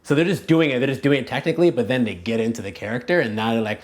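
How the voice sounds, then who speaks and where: A man's voice: medium pitch, fast talker, few pauses. A man being interviewed as a language coach, talking casually and thinking aloud, with many fillers and restarted phrases. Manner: casual, animated, many "like" and "you know" fillers. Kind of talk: conversational interview answers.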